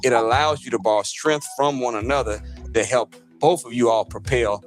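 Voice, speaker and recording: A man's voice: medium pitch, normal speed, faint music behind. A man telling a motivational story about running with a partner, in a preacher-like cadence, voicing the people in it.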